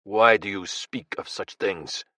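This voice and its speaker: A man's voice: medium pitch, brisk, no room sound, clean studio sound, lightly acted. A man doing a seething Russian major. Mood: challenging. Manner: angry, clipped, challenging. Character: hostile Russian special-forces major, mid-thirties, seething.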